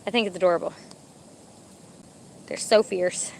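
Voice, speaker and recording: A woman's voice: lowish voice, steady tone, moderate pace, gravelly, a little hiss or hum. A young pregnant woman, chatting casually to a live stream and giving commands to her dogs, a little out of breath in the heat. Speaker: vlogger with service dogs. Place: outdoor dog park.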